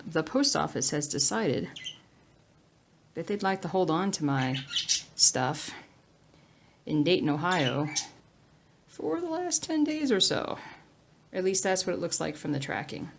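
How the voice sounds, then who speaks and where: A woman from the United States chatting casually at home while she stitches, rambling along and now and then dropping into soft whispers. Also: on the low side, lively intonation, unhurried, long pauses, a little hiss or hum. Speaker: cross-stitch vlogger.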